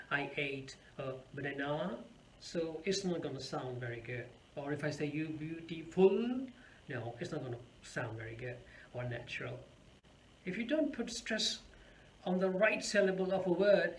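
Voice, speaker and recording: A man gives a pronunciation lesson in a slightly higher voice, saying each word slowly and stressing it with care. He sounds like he is in an echoey room with a faint hum behind him. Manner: explains slowly, repeats words with careful stress. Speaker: English teacher.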